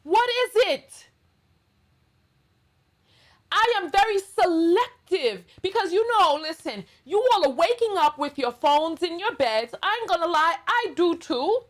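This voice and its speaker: A woman's voice: extremely high pitch, sing-song, normal speed, hardly any pauses. A middle-aged woman with a New York accent hosting a blunt, sassy reaction commentary monologue. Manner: sassy, blunt, emphatic ranting. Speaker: commentary channel host.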